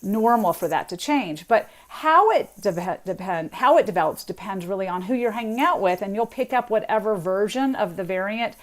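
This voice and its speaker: A woman with a voice of ordinary pitch explains how accents arise, talking chattily as a radio guest. She slips into quick imitations of accents and laughs lightly along the way. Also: lively intonation. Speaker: linguist guest author.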